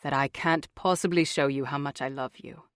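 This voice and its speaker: A woman's voice: a bass voice, steady tone, moderate pace, no room sound, clean studio sound, pitched below the performer's own voice. A woman voicing a tender, earnest young husband and father in an audiobook.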